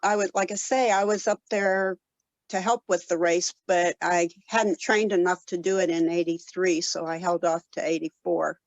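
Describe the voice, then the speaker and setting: A woman in her seventies from Colorado, telling stories in a casual interview with many pauses and fillers. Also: on the low side, steady tone, no room sound, muffled recording. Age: 70s. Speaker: guest, ultrarunner.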